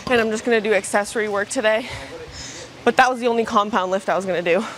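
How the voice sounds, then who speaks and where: A young woman with a mid-range, somewhat bright voice talks fast, her intonation fairly even, while vlogging her workout at the gym. She's chatty and loose, leaning on "like" and "bro," with slight background noise in the recording.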